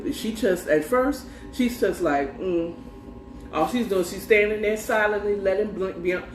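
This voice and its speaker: A woman's voice: fairly low pitch, darkish tone, slight background noise. A woman casually recapping a story at home, animatedly quoting the characters and swearing freely. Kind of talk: casual recap with quoted lines. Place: home room. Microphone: earbuds with mic. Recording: echoey room, slightly distant mic.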